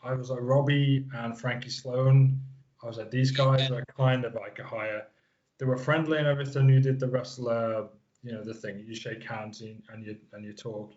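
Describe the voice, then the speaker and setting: Thirties guest from the Isle of Man, mid-pitched, loose rambling storyteller, muffled audio. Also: steady tone, normal speed, dark tone. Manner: rambling, lots of fillers and restarts. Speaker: guest wrestler. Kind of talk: casual interview chat.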